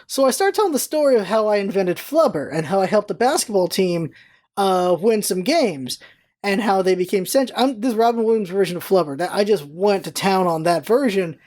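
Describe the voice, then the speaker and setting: A woman vlogger with a medium-pitched voice tells a story casually and with animation, acting out quoted lines by raising her voice.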